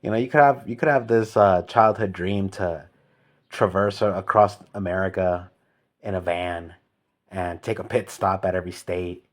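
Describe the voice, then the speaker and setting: A man with a fairly low voice rants to the camera in a comic monologue. He talks in an emphatic, slangy way and keeps hammering the same point over and over. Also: normal speed. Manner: ranting, emphatic, repetitive, slangy. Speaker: vlogger.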